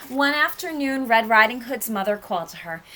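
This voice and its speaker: A woman's voice: on the high side, brisk, slight background noise, low-quality recording. Sing-song woman reading to kids. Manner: expressive, sing-song storytelling. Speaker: nursery school teacher. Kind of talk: storybook reading for young children.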